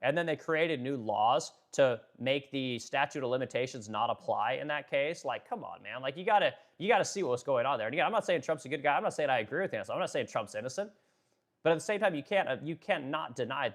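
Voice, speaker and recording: Male streamer who talks fast and rants with heavy swearing and fillers, pausing to answer chat. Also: medium pitch, animated. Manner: fast-talking, ranting, profane, filler-heavy; reads and answers viewer chat. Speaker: livestream host. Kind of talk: political rant livestream.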